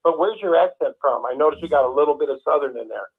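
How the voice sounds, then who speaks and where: A man's voice: fairly high pitch, quick pace, vocal fry, husky. A man hosting a call-in show, encouraging his guest and agreeing often. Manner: encouraging, frequent agreeing replies. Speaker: host. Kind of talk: casual call-in talk. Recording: tinny phone-line audio.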